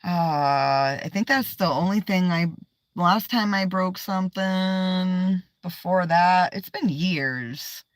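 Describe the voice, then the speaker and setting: Slow-talking woman chatting from her car. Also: fairly low pitch, dry recording, studio quality. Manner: chatty, swears often, laughs a lot, rambling. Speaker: livestreamer. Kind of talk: casual livestream chat.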